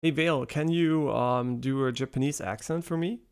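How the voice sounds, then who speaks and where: Gravelly, foul-mouthed male game streamer. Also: mid-range voice, normal speed, darkish tone. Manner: profane, laughing, teasing a voice assistant. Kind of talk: casual live-stream chat.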